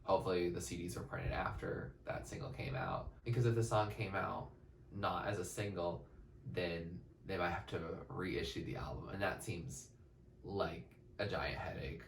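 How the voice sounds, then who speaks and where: A man's voice: deep voice, normal speed, vocal fry, slight background noise. Young man reacting chattily in a roomy space. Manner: chatty, excitable, sings snippets along. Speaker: music reaction host. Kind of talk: casual reaction commentary. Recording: roomy, a bit distant from the mic, faint music.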